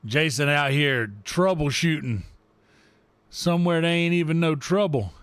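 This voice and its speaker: A man hosting a gaming livestream on a desk microphone greets and teases his chat playfully, stretching words out in a singsong. His voice is fairly high and a bit bright, he speaks a little slowly, and there's no echo.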